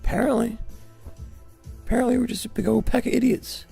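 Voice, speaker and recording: A man's voice: very high voice, level tone, brisk, gravelly, mellow, slightly rough, faint music behind. A man delivering a sarcastic, exasperated political rant full of rhetorical questions. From Australia.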